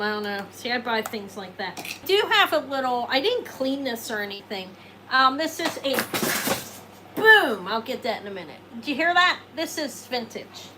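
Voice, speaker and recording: With background noise behind her, a woman of medium pitch leads a live jewelry sale. Her sales talk is chatty and rambling; she answers viewers and makes self-deprecating jokes, laughing along.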